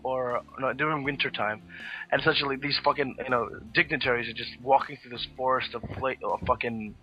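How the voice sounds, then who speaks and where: A man co-hosting a podcast, telling history stories in a rambling, swear-heavy casual chat. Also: medium pitch. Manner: rambling storyteller, lots of swearing and fillers. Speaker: podcast co-host. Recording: dull lo-fi podcast audio with faint music.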